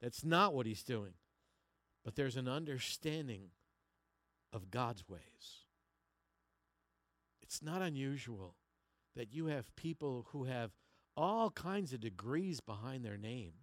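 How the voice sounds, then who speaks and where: A male pastor preaching a sermon, moving from quiet slow passages to loud emphatic ones and repeating words as he finds his phrasing. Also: medium pitch, animated, no room sound.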